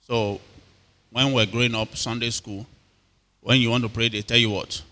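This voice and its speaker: A man's voice: mid-range voice, little pitch movement, normal speed, pushed and bright. A man with a Nigerian accent preaching a sermon, often questioning and calling back to his congregation. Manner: call-and-response questions to the congregation. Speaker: pastor. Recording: long hall reverb.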